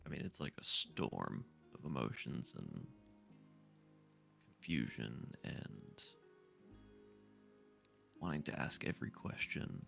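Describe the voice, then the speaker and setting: A man's voice: a bass voice, very animated, slow pace, creaky, pauses often, a bit bright, faint music behind. A man playing in a tabletop game, thinking aloud hesitantly about what his character does. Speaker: player. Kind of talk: casual play at a tabletop game.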